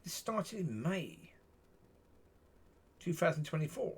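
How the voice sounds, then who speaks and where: A man talking straight to camera in a loose, rambling monologue. His voice is husky, and his pitch swings widely as he circles back over the same points. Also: sing-song, slow pace. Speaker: vlogger.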